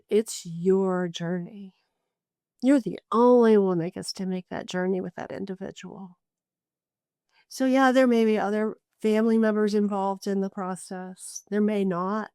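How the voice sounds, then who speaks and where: A woman's voice: medium pitch, a little mellow, clean tone, no room sound, clean studio sound. A woman who coaches caregivers, speaking as a podcast guest in an earnest, emphatic, conversational way. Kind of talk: interview conversation.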